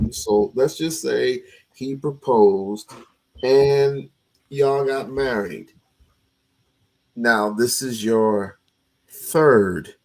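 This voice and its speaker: A man with a husky, gravelly voice hosting a casual talk stream. He asks questions in quick bursts, often repeating himself as he tries to get a point out. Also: medium pitch, a little mellow, low-quality recording. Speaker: talk show host. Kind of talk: casual debate chat.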